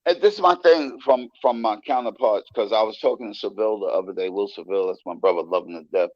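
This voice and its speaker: Animated guy telling old stories, swears a lot, dull dry audio. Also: lowish voice, quick pace, no room sound. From United States. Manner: animated, profane, acts out quoted voices. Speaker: interview guest. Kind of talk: casual storytelling interview.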